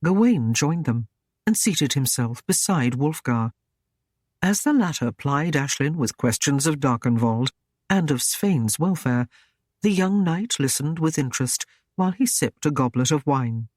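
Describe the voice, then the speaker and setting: A man narrating a historical romance audiobook in a measured, even storytelling manner. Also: on the high side, no room sound, clean studio sound. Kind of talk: scripted narration.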